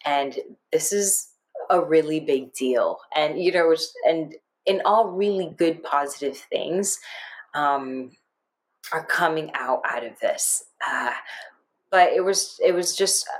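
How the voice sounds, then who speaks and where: Woman podcast cohost, pretty low voice, rambly and emotional, jumps way up when quoting herself. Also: takes it slowly. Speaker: podcast co-host. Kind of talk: casual podcast chat.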